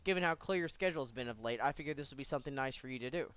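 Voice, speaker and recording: A man reading a small-town police captain's lines from a game aloud, in a casual, flat way. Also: medium pitch, rapid-fire, smooth, dry recording, close to an everyday voice.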